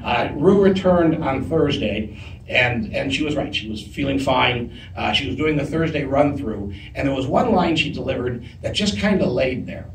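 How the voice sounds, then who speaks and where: A man telling a story to a live audience on stage, animated and often breaking into laughter. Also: medium pitch, moderate pace, vocal fry. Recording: echoey distant live room recording with noise.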